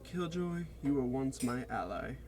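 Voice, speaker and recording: A man's voice: mid-range voice, expressive, unhurried, darkish tone, a little hiss or hum, lightly acted. A man reading the lines of a cocky male fighter with electric powers, in his own plain voice and without an accent. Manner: plainly read, no accent attempted.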